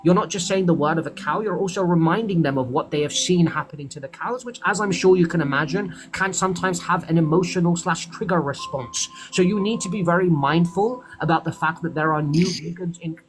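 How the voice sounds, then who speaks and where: A man's voice: on the high side, a little fast, few pauses. A man hosting a livestream, lecturing a caller in a pushy, insistent way and calling him sir. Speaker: livestream host.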